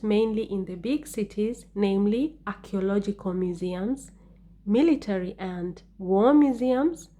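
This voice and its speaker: A woman teaching an English speaking-test lesson in a clear, deliberate way, stressing key words with rising intonation. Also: medium pitch, mellow. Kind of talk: exam-prep lesson.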